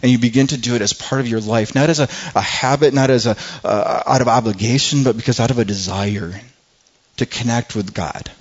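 A man's voice: medium pitch, brisk, slightly rough, muffled recording. A man preaching a sermon in an earnest, conversational way, often restarting his phrases. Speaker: pastor.

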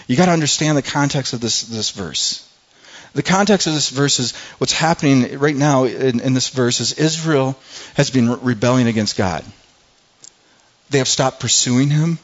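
Heard through lo-fi sound, a pastor of medium pitch preaches at a normal speed. His sermon is earnest and conversational, and he often restarts his phrases.

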